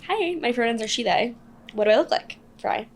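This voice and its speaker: A young woman co-hosting a podcast, telling stories in a casual chat and acting out quotes with big jumps in pitch. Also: expressive, a little fast, a little hiss or hum. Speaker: podcast co-host. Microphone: podcast studio mic.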